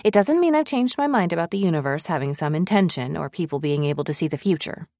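A woman's voice: sits low, expressive, fast talker, darkish tone, dry recording, studio quality. A woman reading an audiobook, voicing a skeptical young woman psychologist with a wry, muttering manner. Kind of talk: audiobook character voice.

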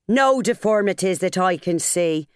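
A woman's voice: fairly low pitch, animated, measured pace, smooth, dry recording, clean studio sound. A woman voicing a stern, businesslike orphanage matron in an audiobook, cool and appraising. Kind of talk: audiobook character voice.

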